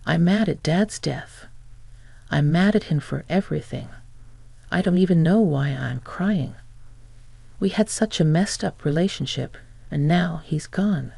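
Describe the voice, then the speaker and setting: A woman's voice: sits low, a little slow, creaky, warm tone, husky, dry recording, full character voice. Woman reading as a grieving young man. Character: grieving young adult man, angry and remorseful.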